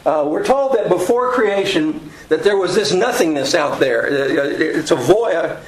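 A man teaching a casual Bible study lesson, pausing often with ums and uhs. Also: fairly high pitch, expressive, a little hiss or hum. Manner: halting, many ums and uhs. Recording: roomy echo.

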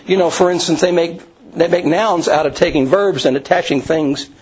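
A man's voice: on the high side, normal speed, a little mellow, husky. A man teaching a Bible study class, explaining in a rambling way with many restarts and asides. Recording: dull lo-fi recording.

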